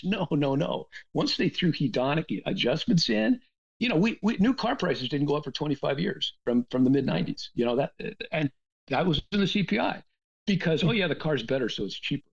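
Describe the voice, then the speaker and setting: A man talking in a casual, animated rant, with lots of restarts and asides. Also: a little high, fairly quick, creaky, breathy edge. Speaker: podcast guest. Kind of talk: casual ranting conversation. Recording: dull lo-fi sound.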